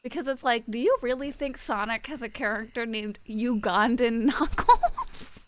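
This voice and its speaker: A woman's voice: on the high side, normal speed. A young woman streaming live, chatting casually and reading out viewers' messages in a blunt, wry way.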